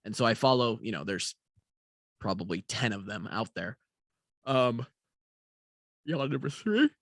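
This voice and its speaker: A man's voice: on the low side, moderate pace, a bit bright, no room sound. A tired young man rambling casually in a vlog, with lots of fillers and casual swearing. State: tired, yawning. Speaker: vlogger. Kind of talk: casual talking-head vlog.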